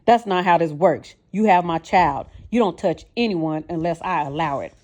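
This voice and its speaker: A woman voicing a volatile, jealous, abusive man who curses and yells, then pleads. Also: fairly low pitch, moderate pace, close to an everyday voice. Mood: yelling. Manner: yelling, cursing, then pleading.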